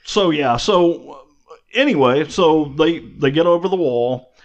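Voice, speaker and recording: A man's voice: fairly high pitch, lively intonation, measured pace. A man co-hosting a podcast, casually retelling a movie plot with many fillers. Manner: easygoing, filler-heavy storytelling. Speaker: podcast co-host. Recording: slightly dull, muffled audio.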